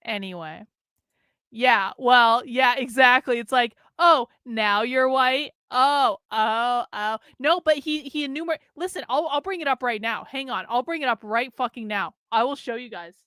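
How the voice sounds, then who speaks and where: A woman's voice: fairly high pitch, moderate pace, no room sound, studio quality. A woman hosting a livestream, giving casual, profane, sarcastic commentary a few beers in. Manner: profane, animated, sarcastic, mocking. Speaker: political commentary livestream host.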